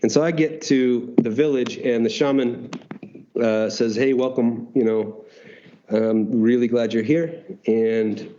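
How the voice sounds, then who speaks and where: A man with a warm, dark tone tells a story as a podcast guest. He talks casually and with animation, acts out bits of dialogue and swears now and then. The audio is dull and lo-fi. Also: mid-range voice, fairly even intonation, unhurried. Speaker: guest, retreat founder.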